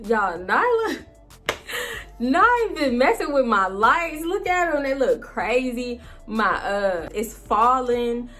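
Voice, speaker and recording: A woman's voice: on the high side, slow, over music. A young woman, chatting casually to viewers at home about her life and swearing often. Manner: profane, chatty, animated storytelling to viewers. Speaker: vlogger. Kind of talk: casual storytime chat. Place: home, indoors. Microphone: phone camera.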